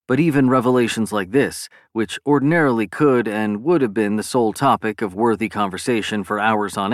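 A man narrating a science fiction novel in a steady, measured reading. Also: fairly low pitch, dry recording, clean studio sound. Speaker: audiobook narrator. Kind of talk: scripted narration.

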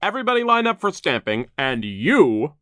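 A man voicing a menacing, bossy male lumber mill foreman with a terrible, muffled voice, barking orders loud and high. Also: big pitch swings, normal speed, no room sound, clean studio sound. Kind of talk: audiobook character voice.

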